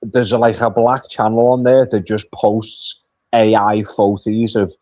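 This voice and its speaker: A man's voice: lowish voice, flat delivery, a little slow, warm tone, dry recording. A man chatting casually as a guest, blunt and swearing a lot. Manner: blunt and heavily profane. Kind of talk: casual chat. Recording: dull, lo-fi, dry remote line.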